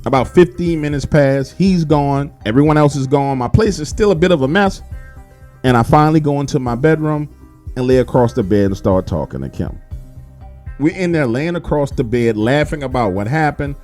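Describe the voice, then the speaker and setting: A man telling a wild story in a casual, animated way, swearing constantly. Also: fairly high pitch. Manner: animated, heavily profane.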